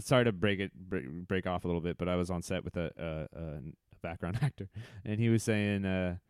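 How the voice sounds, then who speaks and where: A man, a stand-up comedian guesting on a podcast, chatting casually, laughing often and jumping into lively voices when he tells stories. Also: fairly low pitch, clean tone, no echo, studio quality. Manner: laughs often, storytelling with lively put-on quotes. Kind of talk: casual chat.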